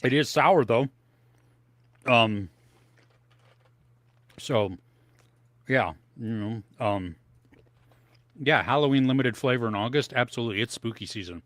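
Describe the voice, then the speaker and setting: A man with a medium-pitched, fairly bright voice co-hosts a live movie podcast from his home office, speaking unhurriedly with long pauses. He rambles loosely and tries snacks on air in this casual live-stream chat, captured on a dry home office setup.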